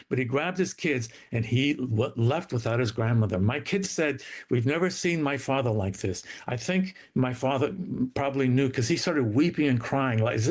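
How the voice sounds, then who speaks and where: Man telling a family story with feeling. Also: darkish tone. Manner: emotional dramatic storytelling, slowing and dropping low for quotes. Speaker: guest author. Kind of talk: storytelling interview.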